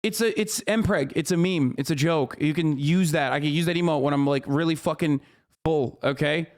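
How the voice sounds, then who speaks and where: A man with a high-pitched voice rants through casual live-stream commentary. He is exasperated and swears often, his speech full of restarts. He sounds like he is in his thirties. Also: moderate pace. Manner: ranting, exasperated, heavy swearing. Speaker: streamer reacting to a clip.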